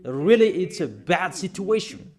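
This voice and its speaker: High-voiced man preaching a scolding sermon. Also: very animated, measured pace. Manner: forceful, scolding, rhetorical questions.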